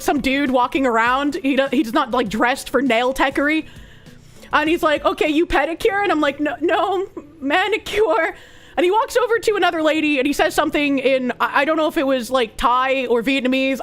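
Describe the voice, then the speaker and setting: A young woman streamer with a very high voice tells a story in casual chat, lively and profane, often laughing and acting out the people in it. Faint music plays behind her.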